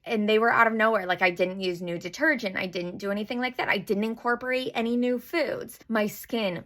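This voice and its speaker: A woman's voice: mid-range voice, fairly bright tone. A woman telling her personal story straight to camera in a candid, nervous, self-deprecating way, at times tearful. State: emotional, tearful. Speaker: vlogger.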